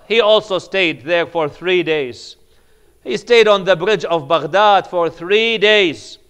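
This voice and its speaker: A man giving a sermon, moving between hushed grieving tones and loud, emphatic preaching, with Arabic devotional phrases woven in. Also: sits high, smooth. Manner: swings from hushed, near-whispered grief to loud, emphatic preaching. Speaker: imam giving a majlis sermon.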